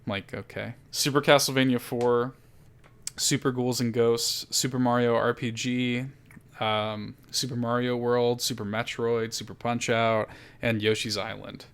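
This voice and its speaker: A man hosting a casual podcast chat, animated and profane, laughing often. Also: medium pitch, unhurried, clean tone. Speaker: podcast host.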